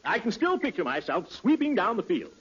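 A man's voice: sits high, big pitch swings, brisk, a bit bright, husky. A man playing a pompous, blustering neighbour in a 1940s radio comedy. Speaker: guest comedian in radio sketch. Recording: dull old radio recording.

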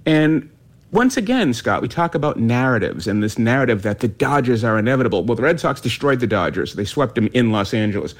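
A man giving opinionated sports commentary in a radio interview, animated and quick in bursts. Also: medium pitch.

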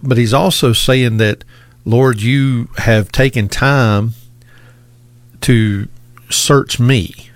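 A man's voice: mid-range voice, fairly even intonation, drawn-out words, pauses often, no echo. A man preaching an earnest sermon, stretching key words for emphasis and repeating his points.

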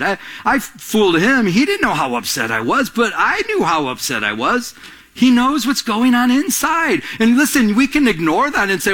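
A man's voice: sits high, big pitch swings, normal speed, bright, forceful tone. A middle-aged man preaching a conversational sermon, calling out to the congregation and acting out little scenes. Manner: conversational preaching with acted asides and audience prompts. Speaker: pastor.

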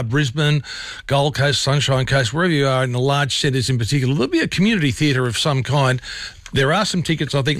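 A man's voice: mid-range voice, a bit bright, no room sound. A man with an Australian accent hosting a casual radio interview, chatty and joking. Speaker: radio host. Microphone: studio mic.

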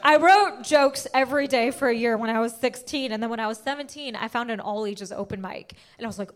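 High, animated woman doing stand-up. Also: fairly quick, hardly any pauses. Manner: animated storytelling, jumping to shrieking high pitch for punchlines. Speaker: stand-up comedian. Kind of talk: stand-up comedy set. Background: audience laughter.

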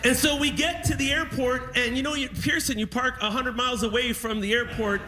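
A man doing animated stand-up storytelling, laughing at his own stories. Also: very high voice, a little fast, crowd noise. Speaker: stand-up comedian. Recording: noisy recording.

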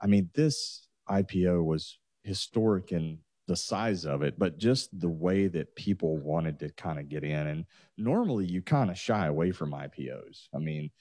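A man co-hosting a retirement finance radio show, talking in an energetic, loose, rambling way from the studio. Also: sits low, moderate pace, hardly any pauses, no echo. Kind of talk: casual radio talk show chat.

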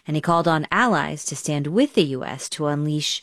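A woman's voice: low-pitched, moderate pace, few pauses, no room sound, clean studio sound. A woman morning news host reading the news with emphatic delivery. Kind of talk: news show hosting.

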